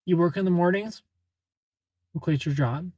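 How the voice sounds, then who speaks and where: A man with a somewhat high, husky voice hosts a casual live stream and chats playfully with his viewers. He laughs a lot and greets people by name. The sound is close and dry. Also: moderate pace, mellow, no echo. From Ohio.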